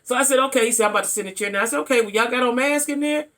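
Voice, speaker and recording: A middle-aged woman vlogger telling a story to her viewers in a blunt, animated way, often checking in with them. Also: a little high, very fast. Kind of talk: casual storytelling to camera.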